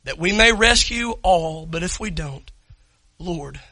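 A man preaching a sermon, impassioned, shouting and near tears at the peaks. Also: a little high, lively intonation, slow, no room sound, rough recording. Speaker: pastor.

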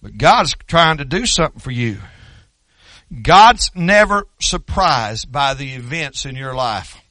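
An older man from Oklahoma preaching a sermon, wandering into folksy asides and building to loud shouted stretches. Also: medium pitch, big pitch swings, measured pace, dry recording.

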